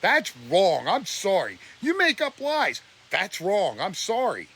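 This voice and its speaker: A man's voice: high-pitched, huge pitch swings, slow pace, a bit bright, slightly rough. Blunt, preachy man ranting on a live stream. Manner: preachy and blunt, voice breaking with emotion. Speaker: livestreamer. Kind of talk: emotional live-stream rant.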